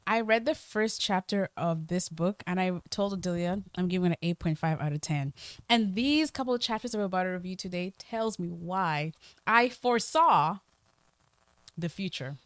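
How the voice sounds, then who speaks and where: A woman's voice: on the low side, normal speed, no echo. Playful woman podcast co-host. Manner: playful, animated, slangy. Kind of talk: casual podcast chat.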